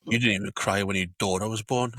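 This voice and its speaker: Low, bright-toned man telling a story. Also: fast, no echo. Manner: animated storyteller, swears freely, many fillers. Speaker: podcast co-host. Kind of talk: casual storytelling chat.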